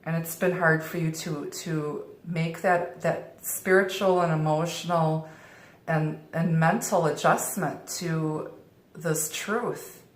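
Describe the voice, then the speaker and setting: A middle-aged woman with a low voice gives a tarot reading, taking her time and reassuring her listeners over and over. She often circles back and restarts her phrases. The sound is roomy, with a clear echo around her. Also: steady tone, slow. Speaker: tarot reader.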